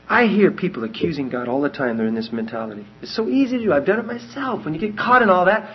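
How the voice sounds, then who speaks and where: A man preaching a sermon, animated, acting out quoted voices as he teaches. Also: high-pitched, quick pace, few pauses, breathy edge. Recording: dull lo-fi recording.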